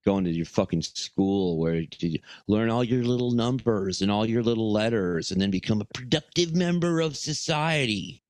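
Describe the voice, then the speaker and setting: A man's voice: fairly low pitch, moderate pace, few pauses, darkish tone, no echo. A man co-hosting a podcast, ranting and swearing in jokey, casual banter. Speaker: podcast co-host.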